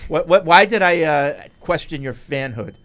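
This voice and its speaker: Wry, lively male radio host. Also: a little high, normal speed. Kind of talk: sports radio call-in show.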